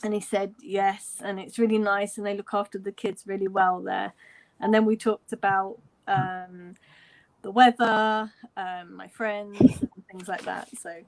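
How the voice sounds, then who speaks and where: A measured pace and mid-range voice mark this English fan in her forties from London as she tells a story on a video call. The tone is casual and lively, with quoted dialogue and lots of laughter.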